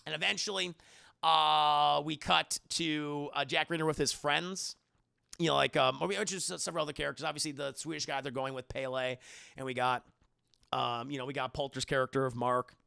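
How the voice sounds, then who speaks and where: Gravelly, bright-voiced man ranting. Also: on the high side, moderate pace, no room sound, studio quality. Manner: profane, rambling, animated, addresses co-host directly. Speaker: movie reviewer. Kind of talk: casual comedic movie recap.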